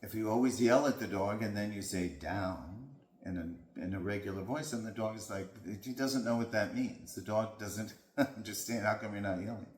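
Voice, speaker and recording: A man who works as a dog trainer, explaining training in a calm, patient way. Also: on the low side, moderate pace. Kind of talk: instructional talk. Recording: echoey room.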